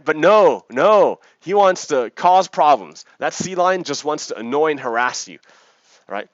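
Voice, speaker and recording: A lively man explaining things in a casual vlog, his pitch bouncing up and down as he keeps asking "right?". His voice sits a little high for a man. The recording is dull and dry, with a lo-fi home-mic feel. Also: no echo. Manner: animated, keeps checking in with "right?". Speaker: vlog host.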